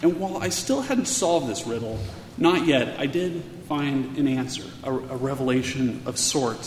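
A man telling a personal story aloud in an earnest, halting way, often repeating words as he goes. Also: medium pitch, expressive, a little mellow, slight background noise. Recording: echoey hall with faint ambience.

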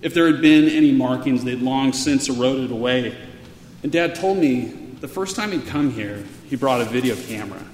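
A man telling a personal story aloud in an earnest, halting way, often repeating words as he goes. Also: medium pitch, darkish tone, a little hiss or hum. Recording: echoey hall with faint ambience.

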